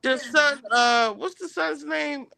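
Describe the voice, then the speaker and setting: A woman chatting in a loose, blunt gossip style, swearing freely as she recounts drama. Her voice is bright and forward. The sound is close and dry. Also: sits high, slow, vocal fry, dry recording. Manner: blunt, swears, animated retelling. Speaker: panelist. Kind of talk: casual gossip chat. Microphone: remote call.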